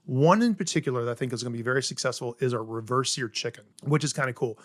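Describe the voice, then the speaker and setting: Upbeat chef explaining recipes, dry mic. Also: male voice, mid-range voice, quick pace, no room sound. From South Carolina. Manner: enthusiastic, explains step by step with many "right?" tags. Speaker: chef guest. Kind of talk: casual interview chat.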